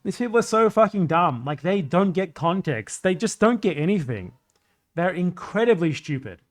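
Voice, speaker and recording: A man's voice: high voice, big pitch swings, normal speed. A young man streaming live, ranting in a combative, profane way about politics.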